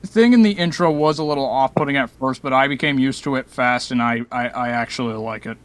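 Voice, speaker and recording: A man's voice: mid-range voice, brisk, clear, resonant tone, dry recording. A young man sharing opinions casually in a group review, loose and full of fillers. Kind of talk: casual group chat over a voice call.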